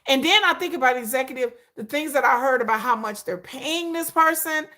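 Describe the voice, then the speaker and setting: Bright, animated woman chatting on a livestream. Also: high voice, brisk. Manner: animated, repetitive, talks straight to viewers. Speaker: livestream host. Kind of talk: casual livestream chat.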